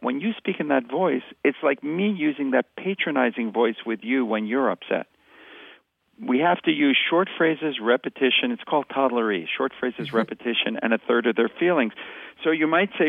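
Gravelly man explaining over a tinny line. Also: medium pitch, no echo. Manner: explanatory, uses short repeated phrases, acts out examples. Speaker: parenting expert guest. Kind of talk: conversational podcast interview. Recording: dry, tinny phone-line sound.

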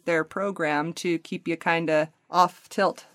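A woman's voice: lowish voice, takes it slowly, no echo. Candid American woman, dry sound. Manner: animated, laughs often, candid. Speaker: guest. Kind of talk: casual podcast interview.

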